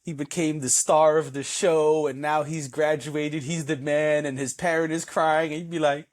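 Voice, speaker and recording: A young man co-hosting a casual talk show with a somewhat high voice. He talks in an animated way and slips into acted-out reactions as he tells a story. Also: normal speed. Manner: animated, acts out quoted reactions. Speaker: co-host. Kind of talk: casual chat.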